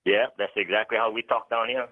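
A man's voice: lowish voice, steady tone, brisk. Laid-back man on the phone. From Hawaii. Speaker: caller. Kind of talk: phone-in chat. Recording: tinny phone line.

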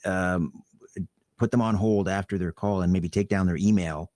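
A low-pitched man hosts a call-in radio show, talking in a measured, hesitant way with ums and drawn-out words. His voice is close and dry. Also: fairly even intonation, a little mellow, no echo. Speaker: radio host. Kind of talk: late-night call-in radio.

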